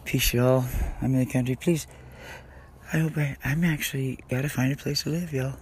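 Here a podcast host talks at a normal speed in a steady, mid-range male voice, with slight noise in the background. He's at a friend's place in the country, rambling confessionally through an unfocused, casual monologue.

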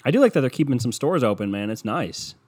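A man's voice: medium pitch, big pitch swings, quick pace, a little mellow, breathy edge. Profane, sarcastic young man ranting. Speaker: podcast host. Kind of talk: casual ranting podcast monologue. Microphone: podcast microphone.

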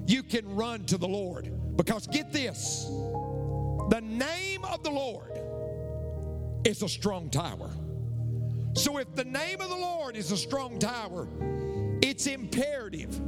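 A man preaching a sermon, emphatic, with dramatic pauses and repeated phrases. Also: sits high. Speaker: pastor. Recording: reverberant hall with loud music.

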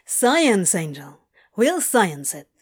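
A woman's voice: medium pitch, very animated, slow pace, breathy edge, full character voice. A woman voicing a brash, scheming man who talks in a hasty, coaxing way. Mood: eager.

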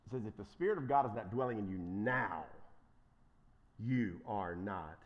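A man preaching an emphatic sermon as pastor, swinging from quiet asides to loud, impassioned declarations. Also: lowish voice, expressive, fast talker, lo-fi sound.

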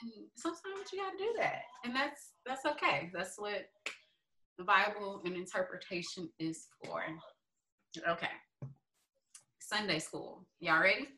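Woman co-host, slow and bright, lower pitch, roomy echo. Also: animated. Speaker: podcast co-host. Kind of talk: casual chat.

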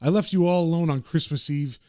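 A man reading aloud the lines of a cynical middle-aged male occult con man, muttering gruffly at himself. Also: fairly high pitch, brisk, darkish tone, dry recording, clean studio sound, close to an everyday voice. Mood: rueful.

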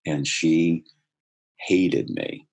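A middle-aged man with a husky voice, earnestly telling a personal story in conversation, growing more animated as he goes. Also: a bass voice, drawn-out words. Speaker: guest telling his life story.

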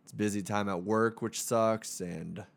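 A man's voice: on the low side, steady tone, measured pace, creaky. A young man co-hosting a podcast, talking in a laid-back, slangy way that often trails off. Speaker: podcast co-host. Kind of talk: casual chat.

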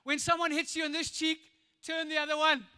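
High, bright South African pastor preaching. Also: male voice, fairly quick. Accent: South African English. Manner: animated and playful, acts out voices, laughs often. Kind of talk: lively sermon. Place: church auditorium. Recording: echoey church hall.

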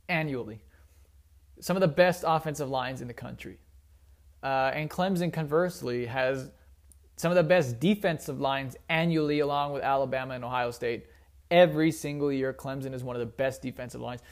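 A young man giving casual, opinionated solo sports talk as a commentator, rambling with frequent fillers. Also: a little high.

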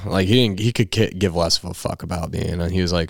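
Deep gravelly young man telling stories. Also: quick pace, hardly any pauses, no echo, clean studio sound. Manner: animated, profane storytelling with lots of "like". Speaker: podcast guest, baseball player. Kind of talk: casual storytelling interview.

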